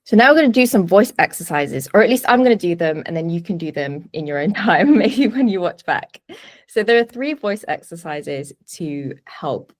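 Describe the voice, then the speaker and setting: Female presentation coach, webinar from home, fairly low voice, deliberate stress on key words. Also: animated. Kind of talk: webinar teaching. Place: home office. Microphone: video call webinar.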